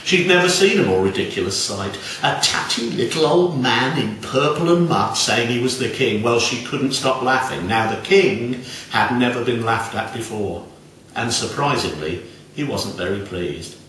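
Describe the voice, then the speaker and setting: A man telling a folk tale in an expressive, dramatic way. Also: medium pitch, normal speed, slight background noise. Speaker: storyteller. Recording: very echoey room, distant mic.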